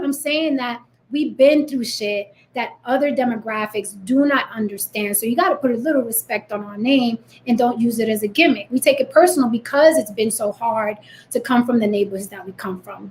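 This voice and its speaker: Bronx-raised woman in her thirties with a New York accent, a fairly high voice and a blunt, defiant vlog delivery. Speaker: vlogger. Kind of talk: direct-to-camera rant.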